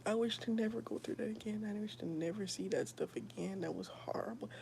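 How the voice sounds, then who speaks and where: Softly whispering woman, gravelly and dark. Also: mid-range voice, slight background noise. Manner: soft, often whispered, halting with many fillers. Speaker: streamer sharing a personal testimony. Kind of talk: whispered personal testimony.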